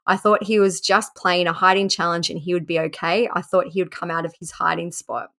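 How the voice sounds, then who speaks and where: A woman's voice: on the low side, flat delivery, brisk, a bit bright. A woman hosting a podcast who narrates a case in a casual way, reading quotes aloud and adding asides. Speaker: podcast host. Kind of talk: casual true-crime narration.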